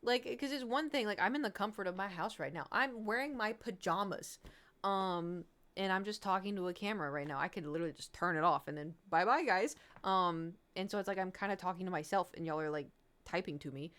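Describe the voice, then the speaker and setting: A young woman chatting casually on stream from her home, her voice smooth and clear. She tells her stories with animation, acting out the lines of the people in them with giggles and nervous self-awareness. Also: mid-range voice, brisk, fairly bright tone. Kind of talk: casual chat to stream viewers.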